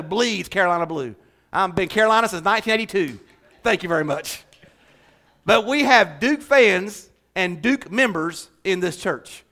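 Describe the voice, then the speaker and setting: A man pastor preaching a sermon in a church, animated, shifting from loud declarations to hushed asides with jokes. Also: high voice. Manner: animated, swings from shouting to hushed, joking asides.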